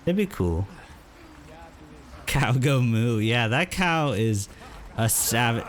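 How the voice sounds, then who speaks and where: A man streaming a horror game, chatting casually and hesitantly with many fillers, now and then yelling at the game. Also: animated, slow pace, long pauses. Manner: rambling, hesitant, lots of fillers; yelps at the game in a higher voice. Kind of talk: casual gameplay commentary.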